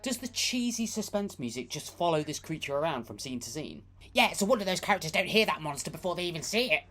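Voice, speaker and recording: A woman with a lowish voice trades sarcastic quips about a horror film she is watching. Her delivery rises and falls in lively swings. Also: quick pace. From United Kingdom. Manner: dry, mocking asides, frequent laughs. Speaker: film review co-host.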